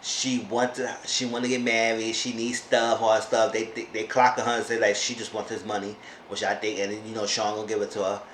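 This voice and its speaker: A man casually recapping a reality show episode in an animated way, often talking back to the people on it. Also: fairly low pitch, a little fast, few pauses. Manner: animated, talks back to the characters. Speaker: YouTube reality-TV reviewer. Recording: roomy echo, faint background noise.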